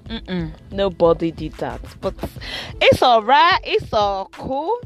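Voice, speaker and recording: A woman's voice: medium pitch, sing-song, slow pace, faint music behind. A young woman with a Nigerian accent chatting playfully about her week in a car, slipping into Pidgin. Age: young adult. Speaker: vlogger. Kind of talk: casual storytelling chat.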